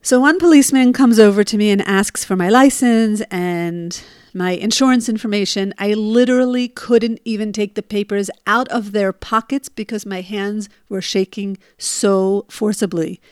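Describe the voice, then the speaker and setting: A woman's voice: mid-range voice, normal speed, a little mellow, clear, resonant tone, no room sound. Dry, emotional woman storyteller. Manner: emotional, re-lives her panic in rising bursts. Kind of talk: personal storytelling.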